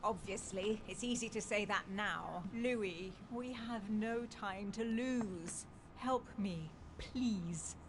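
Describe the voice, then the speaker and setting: A woman's voice: medium pitch, takes it slowly, background noise. An actress voicing a desperate, vengeful young woman's ghost in a video game, pleading and spiteful by turns.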